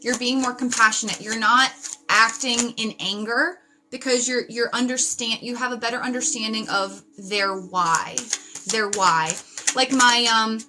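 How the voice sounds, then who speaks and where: A psychic reader in her thirties delivers an intense spiritual tarot reading monologue, emphatic and repetitive, swearing for emphasis. Her voice is a little high and steady, a little slow, over a noisy background.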